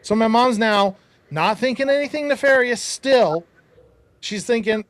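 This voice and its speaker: A man's voice: very high voice, lively intonation, a little slow, fairly bright tone, dry recording. A man hosting a podcast, telling a personal story in a casual, emphatic way, with preachy asides to his listeners. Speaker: podcast host.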